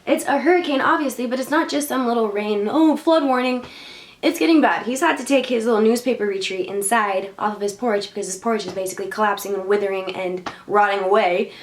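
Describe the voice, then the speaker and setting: A woman's voice: mid-range voice, quick pace, hardly any pauses. A woman vlogger telling a story and giving spiritual advice in a casual, slangy, rambling way. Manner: slangy, rambling with many fillers. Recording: roomy echo.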